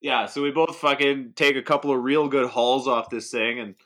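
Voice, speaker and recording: A man's voice: medium pitch, steady tone, normal speed, a bit bright, a little hiss or hum. A young man co-hosting a podcast, rambling through a story with lots of "like" and swearing. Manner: rambling, profane, heavy on "like". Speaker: podcast co-host. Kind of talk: casual storytelling chat.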